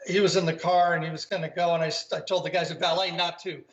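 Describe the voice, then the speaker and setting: A man's voice: a little high, level tone, quick pace. An older man, a golf commentator, telling rambling anecdotes in a casual interview over a video call from home. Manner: rambling anecdotes, acts out quoted voices. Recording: roomy, dull video-call audio.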